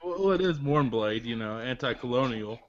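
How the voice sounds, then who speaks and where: A man's voice: medium pitch, animated, moderate pace. An American man joining an online radio chat, goading the others in a brash, mock-boastful way. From United States. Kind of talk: casual banter on an online radio show. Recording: lo-fi online call with crowd noise behind.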